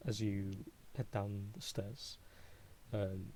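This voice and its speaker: A man narrating as game master of a tabletop game, halting and full of fillers. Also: fairly low pitch, fairly even intonation, darkish tone, a little hiss or hum.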